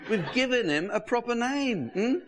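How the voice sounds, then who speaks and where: A man's voice: extremely high pitch, moderate pace. A man doing a dry, sardonic stand-up comedy monologue to an audience. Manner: dry, sardonic, deadpan delivery. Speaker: stand-up comedian and show host. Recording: hissy VHS tape rip. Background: audience laughter.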